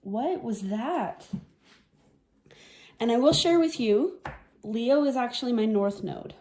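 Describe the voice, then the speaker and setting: A woman giving a casual tarot reading to camera, soft-spoken and reflective, a little teary and sniffling. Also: on the high side, expressive, normal speed. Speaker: tarot reader.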